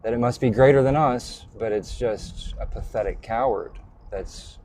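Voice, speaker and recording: A man's voice: mid-range voice, normal speed, darkish tone. A man hosting a casual online call-in chat, talking in a loose, rambling way and swearing angrily. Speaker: show host.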